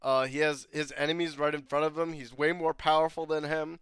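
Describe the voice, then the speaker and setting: A man's voice: on the high side, level tone, fairly quick, fairly bright tone, smooth, dry recording. Profane, rambling young man reviewing a show. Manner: profane, rambling, laughing often. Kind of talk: casual episode breakdown.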